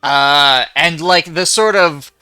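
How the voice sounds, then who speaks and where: A man's voice: on the high side, takes it slowly, sharp tone, clean tone. A man playing in an online tabletop game, joking and swearing freely with his friends. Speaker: player. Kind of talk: casual chat during an online tabletop game.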